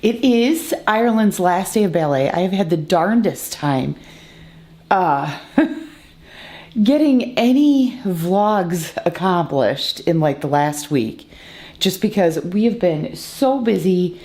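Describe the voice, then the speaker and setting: A woman's voice: lowish voice, expressive, slow pace, mellow. A woman in her forties from the United States, chatting casually to the camera in her kitchen as a family vlogger, rambling with lots of fillers and self-corrections. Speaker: family vlogger and homeschooling mother.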